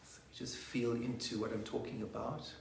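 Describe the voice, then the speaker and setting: A man leading a guided meditation online, soft-spoken and slipping into whispers at times. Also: mid-range voice, level tone, normal speed, gravelly, a little hiss or hum. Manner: rocks forwards and back while chanting. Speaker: meditation teacher. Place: online session from a room. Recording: roomy echo.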